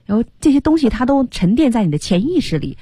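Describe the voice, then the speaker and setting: A woman's voice: a little high, sing-song, quick pace, warm tone, husky, dry recording, studio quality. A woman hosting a bilingual radio English lesson, explaining with animation and mixing English words into her talk. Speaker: radio English teacher, host. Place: radio studio.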